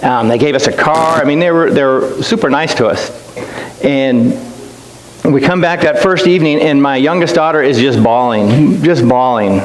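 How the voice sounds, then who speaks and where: A middle-aged man with a medium-pitched voice talks at a moderate pace as a guest missionary, telling a church stories in a chatty, self-deprecating manner with frequent restarts. The recording captures an echoey church hall with a faint hiss.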